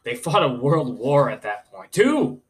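A woman's voice: extremely low pitch, lively intonation, normal speed. A woman co-hosting a casual chat, chiming in with dry reactions. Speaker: podcast co-host.

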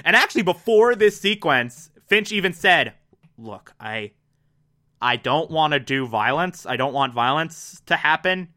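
A speaker recapping a TV episode in a casual, gushing way, breaking into excited outbursts. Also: medium pitch, a little slow.

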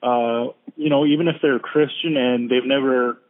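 A man hosts a relaxed interview, offering quiet affirmations and putting questions slowly with fillers. His voice sits at a middle pitch. The audio is narrow and phone-like. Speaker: host. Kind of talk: casual interview.

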